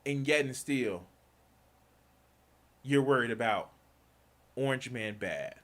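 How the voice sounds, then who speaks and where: A man's voice: medium pitch, measured pace, long pauses, fairly bright tone. A man streaming, delivering a heated, profane political rant, repeating himself and swearing often.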